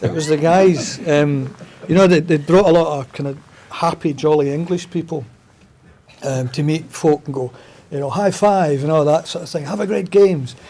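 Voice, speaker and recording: A man's voice: fairly high pitch, steady tone, moderate pace, a little mellow. A Scottish man chatting as a guest, telling stories at length and saying "aye" a lot. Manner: chatty storyteller, says "aye" often. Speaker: guest comedy writer promoting a play. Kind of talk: casual chat.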